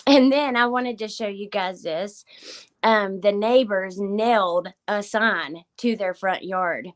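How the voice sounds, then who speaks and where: A woman's voice: medium pitch, slow. Woman on a casual live stream, holding back tears, whispery at times, thanking the chat by name. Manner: emotional, thanking viewers by name, voice dropping to whispers. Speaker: livestream host.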